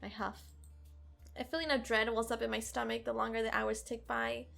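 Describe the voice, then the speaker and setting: A woman hosting a let's play, reading a visual novel aloud in an expressive, sarcastic way. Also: a little high, moderate pace, vocal fry, faint music behind. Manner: expressive, sarcastic, occasional giggles.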